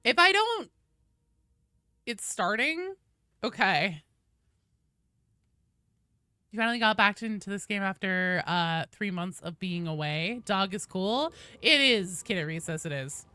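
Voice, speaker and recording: Bubbly, bright-voiced woman streamer. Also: mid-range voice, measured pace, smooth, dry recording. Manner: excitable, chatty, greets viewers by name. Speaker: game streamer. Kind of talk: casual live-stream chat.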